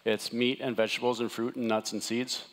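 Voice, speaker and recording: A man's voice: medium pitch, level tone, fairly quick. A middle-aged man giving a casual, jokey wellness talk to a live audience, often asking the room "right?".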